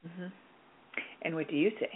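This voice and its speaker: A woman hosting a radio show, coaching a caller with lively, directive talk and acting out little scenes. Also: on the low side, moderate pace, narrow, tinny audio. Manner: directive and animated, plays out scenes. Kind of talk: on-air coaching chat.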